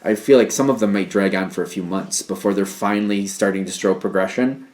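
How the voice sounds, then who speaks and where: A man's voice: lowish voice, fairly quick, darkish tone. A man giving a casual tarot reading, rambling through hunches and talk of energies. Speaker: tarot reader.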